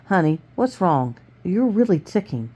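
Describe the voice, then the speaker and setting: A caring mother speaks softly and low, as a woman reads her part. Her voice is quiet and anxious in a read-aloud storybook. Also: sing-song, a little slow, breathy edge, dull audio, full character voice. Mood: concerned. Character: worried mother, gentle and caring.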